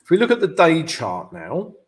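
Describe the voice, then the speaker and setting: A man's voice: on the high side, huge pitch swings, moderate pace. A man hosting a live trading stream, walking through charts and often checking in with "yeah?" and "guys". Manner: peppers talk with "yeah" and "guys" tag questions; thinks aloud, restarts phrases. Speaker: forex trading channel host.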